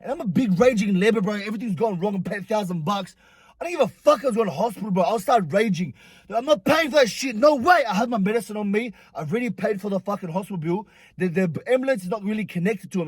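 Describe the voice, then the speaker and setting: A young man vlogger telling a story in an animated, profane, slangy way. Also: sits high, slightly rough, no room sound. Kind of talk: storytime vlog.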